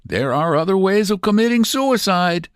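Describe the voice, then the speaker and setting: Brief: man plays a chiding cowhand sidekick, higher and livelier, dry sound. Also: lively intonation, normal speed, smooth, no room sound. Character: plain-spoken male outlaw sidekick.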